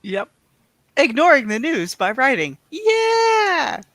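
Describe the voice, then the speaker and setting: A woman on a casual livestream panel, excitable and quick to exclaim and laugh. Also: high voice, no room sound.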